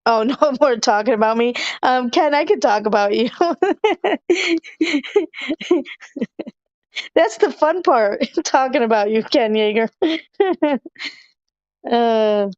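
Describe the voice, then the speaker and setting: A woman hosts a podcast from her hotel room, chatting, reading comments and laughing a lot. Her voice is smooth and clear, a little high, and sits close and dry on a slightly dull recording. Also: normal speed, few pauses, a little mellow, dry recording. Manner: chatty, laughs often, many fillers. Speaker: podcast host. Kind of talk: casual chat reading viewer comments.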